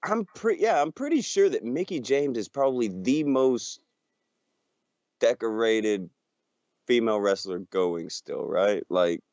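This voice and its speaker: A man's voice: medium pitch, expressive, measured pace, a little mellow, no room sound. A man co-hosting a casual wrestling podcast, wry and teasing. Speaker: podcast co-host. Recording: dry, dull lo-fi audio.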